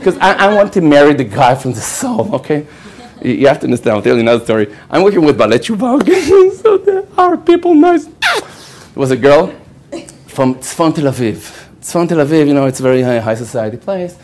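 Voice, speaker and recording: Animated Israeli man telling stories. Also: fairly high pitch, a little fast. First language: Hebrew. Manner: animated storyteller, laughs often, many fillers like okay. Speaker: rabbi and lecturer. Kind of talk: storytelling lecture.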